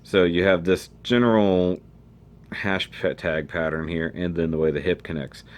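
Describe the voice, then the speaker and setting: A man with a very low voice gives a relaxed, chatty review of a model kit. He thinks aloud while turning the pieces over. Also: normal speed. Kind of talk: casual product review.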